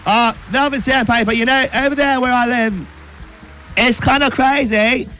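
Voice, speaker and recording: Man voicing a shrill, rambling comedy-sketch caller, eager and excitable, very high pitch. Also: moderate pace, soft background music. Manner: rambling, breathless listing.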